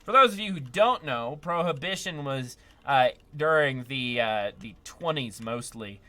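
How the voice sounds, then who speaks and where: A man's voice: medium pitch, animated, unhurried, pushed and bright. A man giving chatty, upbeat live commentary while playing a video game, often laughing and talking to his chat. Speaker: streamer.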